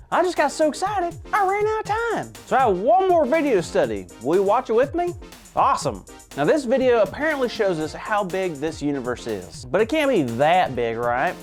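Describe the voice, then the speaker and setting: A man hosting a kids' church show in a chirpy, over-eager comic way. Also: high voice.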